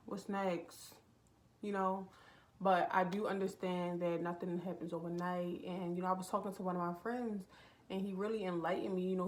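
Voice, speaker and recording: A woman's voice: on the low side, darkish tone. Young woman talking openly in a vlog. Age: young adult. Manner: rambling and heartfelt, with many fillers. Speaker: vlogger. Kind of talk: casual confessional vlog chat. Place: indoors at a relative's home.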